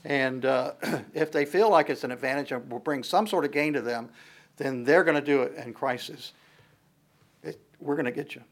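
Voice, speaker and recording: A man's voice: mid-range voice, normal speed. A man giving a conversational sermon as a pastor, switching between explanation and playful dramatized asides, often restarting his sentences. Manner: frequent fillers and restarts, animated swings in loudness.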